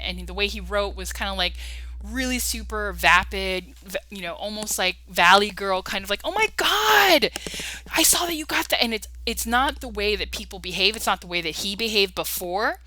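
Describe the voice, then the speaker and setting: An agitated woman rants at length, stumbling over and restarting her words as she goes. Her voice is bright and forceful, recorded close and dry with no room sound. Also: medium pitch, dry recording, rough recording. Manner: agitated, rambling, frequent restarts. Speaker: vlogger. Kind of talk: ranting monologue.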